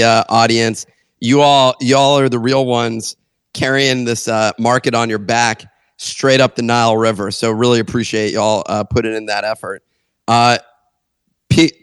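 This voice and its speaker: A man's voice: mid-range voice, fairly bright tone, smooth, no echo. A man hosting a podcast in a casual, joking and teasing way. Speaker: host.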